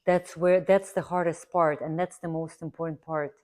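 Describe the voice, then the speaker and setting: Low-voiced woman chatting while she draws. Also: fairly even intonation, moderate pace, a little mellow. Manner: rambling, earnest, repeats herself for emphasis. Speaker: art instructor. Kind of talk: casual chatty tutorial while drawing.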